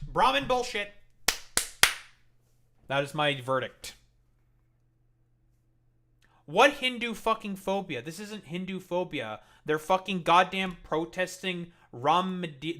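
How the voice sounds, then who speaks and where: A man's voice: on the high side, fairly bright tone. A man streaming live and commenting in a heated, profane and sarcastic rant.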